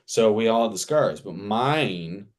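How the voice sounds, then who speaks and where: Animated man telling a story. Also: on the low side, a little slow. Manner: animated, repetitive, laughing mid-sentence. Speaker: actor guest. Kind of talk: casual anecdote storytelling.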